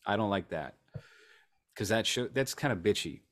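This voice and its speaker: Deep-voiced sarcastic man chatting. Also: expressive, normal speed, fairly bright tone. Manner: sarcastic, dry. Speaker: podcast co-host. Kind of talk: casual chat reacting to a video.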